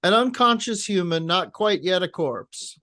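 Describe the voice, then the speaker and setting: A man's voice: sits high, expressive, measured pace, bright, forceful tone, no room sound. A man with a slightly raised voice banters on a comedy podcast, tossing off jokes and silly riffs. The recording is dry and close, with no room sound. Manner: jokey, riffing, playful voices. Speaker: podcast co-host. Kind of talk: casual comedy chat.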